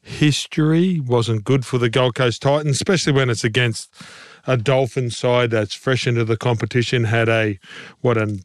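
A man's voice: mid-range voice, fairly even intonation, moderate pace, no echo, studio quality. A man co-hosting a rugby league podcast, giving blunt, passionate opinions in casual chat. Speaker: podcast co-host, former rugby league player. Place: podcast studio.

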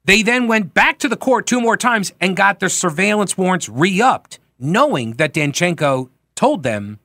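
A man's voice: high voice, expressive, measured pace, sharp tone, dry recording, clean studio sound. A man hosting a political talk radio show, speaking emphatically and conversationally, correcting himself as he goes.

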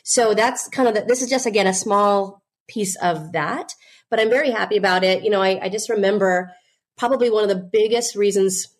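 Donna sincera, racconta con tanti "you know". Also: female voice, mid-range voice, a little fast. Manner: earnest, many "you know" fillers. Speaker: guest, business owner and author. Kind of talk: candid interview storytelling.

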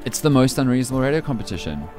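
A man with a Cape Town South African accent hosting a breakfast radio show, teasing and joking with quick banter. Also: mid-range voice, very animated. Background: music bed.

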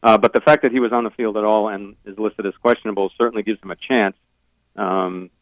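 A man's voice: fairly low pitch, steady tone, brisk, no echo, highs cut off. A man, a team beat reporter, giving thoughtful sports analysis on a radio show, hedging with many fillers.

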